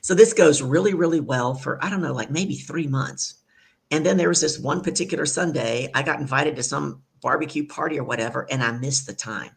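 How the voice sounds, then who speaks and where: A woman hosting an online talk show, telling a family story in a lively, chatty way, with many asides, over a video call. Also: low-pitched, brisk, creaky. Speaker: show host. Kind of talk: conversational storytelling.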